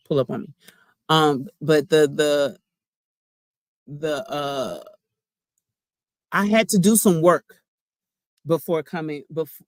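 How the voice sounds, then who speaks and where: A woman's voice: sits low, fairly bright tone, no room sound. A woman giving a casual spiritual card reading, chatty and slangy, talking straight to her viewers. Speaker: spiritual reader.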